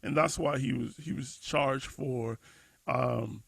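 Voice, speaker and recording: A podcast co-host with a deeply gravelly, slightly husky, somewhat bright voice talks through a topic slowly, restarting sentences and leaning on fillers as he thinks. It's a casual discussion podcast. The recording is close and dry, with no echo or room sound.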